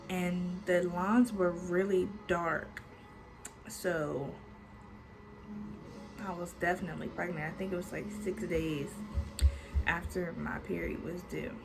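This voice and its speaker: A woman in her twenties, a storytime vlogger, casually tells her audience a personal story. She's chatty, swears freely, and fills her speech with "like." Her voice is lowish, and the recording quality is low.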